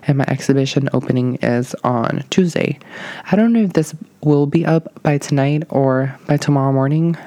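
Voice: medium pitch, dark tone, dry recording. Breathless, rambling young podcast host. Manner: nervous, rambling, many hedges and fillers. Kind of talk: casual solo podcast monologue.

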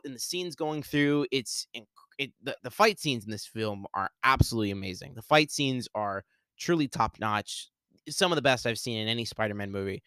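A man hosting a podcast solo, talking excitedly and rambling, with lots of "like". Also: medium pitch, dry recording. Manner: excited, rambling, heavy use of "like". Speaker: podcast host. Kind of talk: solo movie spoiler talk.

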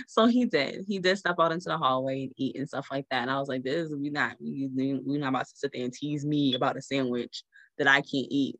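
Animated woman telling a story. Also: low voice, dry recording. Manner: animated, addresses listeners as "y'all", laughs often. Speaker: mother telling her birth story. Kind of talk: casual storytelling to viewers.

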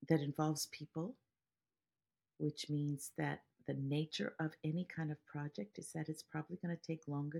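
A woman's voice: low voice, creaky, a little mellow, husky. A woman meditation teacher speaking to podcast listeners in an earnest way, explaining ideas through everyday examples and stories.

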